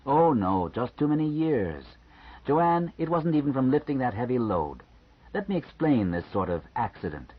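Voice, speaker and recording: A man reading an audiobook, voicing a calm male doctor who explains things frankly and matter-of-factly. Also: medium pitch, slightly rough. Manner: measured, matter-of-fact explaining. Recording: slightly muffled lo-fi recording.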